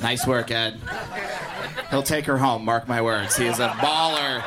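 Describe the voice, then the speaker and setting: Loud teasing comedy club emcee man. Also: mid-range voice, a little slow. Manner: loud, teasing, crowd work. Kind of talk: hyping the crowd. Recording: loud club crowd and noise.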